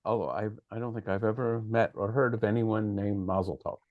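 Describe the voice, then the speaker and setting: A man's voice: on the low side, fairly quick, dry recording, narrow, tinny audio. Man, discussion leader, explains patiently and corrects pronunciation; dry, close-miked. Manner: explains at length, corrects pronunciation, hesitant fillers. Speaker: teacher leading the discussion. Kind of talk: explanatory study session.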